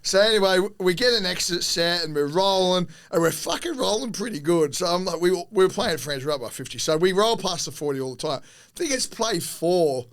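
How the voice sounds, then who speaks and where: A man's voice: high-pitched, expressive, brisk, fairly bright tone. A man, a former rugby league player, telling rambling, profane stories in a casual podcast chat, often laughing mid-sentence. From Australia.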